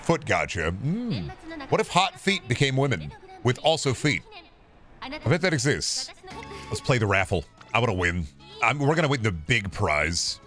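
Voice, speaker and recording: Animated joking man streaming a game. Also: medium pitch. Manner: loud, joking, yells at the game during races. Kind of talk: casual gaming stream chat.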